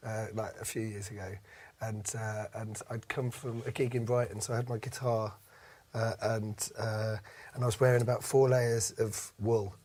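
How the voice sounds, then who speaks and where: A man's voice: lowish voice, little pitch movement, normal speed, a little mellow. A man telling a comic story in casual chat, rambling with many fillers and restarts, swearing and laughing along. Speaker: comedian guest.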